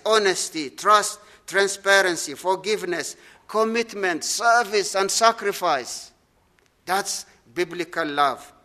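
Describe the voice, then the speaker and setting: High, bright-voiced man preaching slowly. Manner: deliberate, emphatic preaching with rhetorical questions and lists. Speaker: pastor. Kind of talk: sermon.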